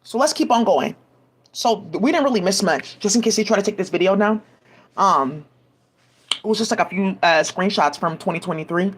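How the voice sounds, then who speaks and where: A woman's voice: mid-range voice, lively intonation, brisk, slightly rough. A woman giving rambling, profane commentary full of restarts, agitated asides and fillers, speaking into a home mic. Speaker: commentary vlogger.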